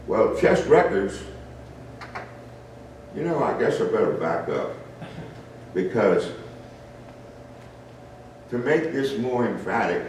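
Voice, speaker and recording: A man telling a story to a live audience in a folksy, unhurried way, with fillers and asides and a dry mouth. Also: fairly low pitch, a little mellow, a little hiss or hum. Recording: roomy, distant room recording with guitar behind.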